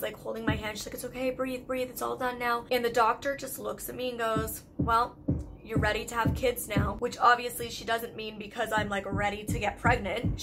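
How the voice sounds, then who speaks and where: A young woman from Canada with a Canadian accent, telling a personal story in a candid, chatty vlog full of "like" fillers. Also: fairly high pitch. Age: young adult. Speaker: YouTube vlogger.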